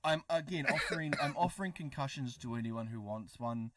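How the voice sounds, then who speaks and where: A man's voice: medium pitch, brisk, background noise. A man, co-hosting a livestream with dry, joking banter. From New Zealand. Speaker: co-host, story narrator. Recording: distant mic, dry sound.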